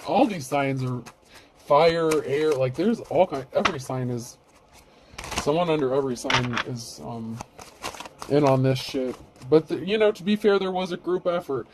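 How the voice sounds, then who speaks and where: A man's voice: medium pitch, background noise. A man giving a casual, rambling tarot reading, blunt and freely swearing. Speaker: tarot reader.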